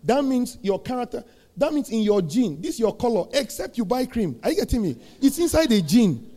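A middle-aged man preaching a sermon, asking the congregation questions and building to shouted peaks. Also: extremely high pitch, very animated, fairly quick. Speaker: pastor.

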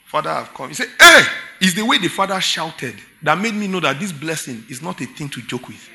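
A man's voice: a little high, expressive, brisk, pushed and bright. A Nigerian man preaching a sermon as pastor, emphatic and full of rhetorical questions to his congregation.

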